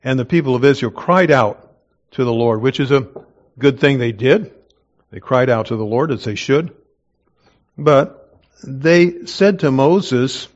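A man of middle pitch leads a verse-by-verse Bible teaching. He reads scripture aloud, then explains it in an easy, conversational way. The recording sounds a little dull and lo-fi. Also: lively intonation, measured pace, pauses often.

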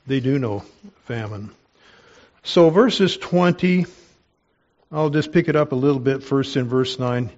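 Earnest male preacher, explanatory, reads scripture slowly, mid pitch, mildly dull recording. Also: a little mellow. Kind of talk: expository Bible sermon.

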